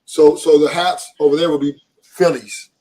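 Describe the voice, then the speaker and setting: A man's voice: on the high side, steady tone, moderate pace, a little mellow, distant mic. Streetwise Los Angeles man, bit off-mic. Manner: streetwise, emphatic, repeats himself. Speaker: podcast guest. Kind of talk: casual podcast conversation.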